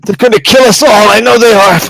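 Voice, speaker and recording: A man's voice: sits high, steady tone, a little fast, vocal fry, no room sound, voice pushed up, exaggerated voice, low-quality recording. A man voicing a frail male gnome magistrate, desperate and in agony, pleading and strained. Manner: strained, pleading, shouting at times.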